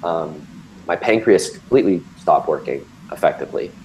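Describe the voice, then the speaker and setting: A man's voice: low-pitched, lively intonation, normal speed, darkish tone, slight background noise, poor audio. A man in his thirties, recounting a personal health scare in a candid conversational way, with lots of ums and restarts. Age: 30s. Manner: candid, filler-heavy storytelling with many ums and restarts. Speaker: guest telling his story.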